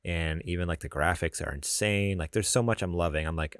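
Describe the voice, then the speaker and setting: A young man rambles through a casual podcast chat, animated and quick to laugh, often restarting his sentences. His voice sits low and deep. The sound is dry and close, with no room around it. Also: clean tone, dry recording. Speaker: podcast co-host.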